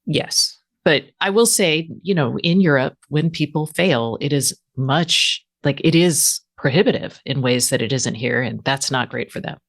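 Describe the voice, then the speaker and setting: A woman's voice: rumbling low, a little slow, vocal fry, hardly any pauses. A woman panelist on a casual chat show, thoughtful and hedging with fillers.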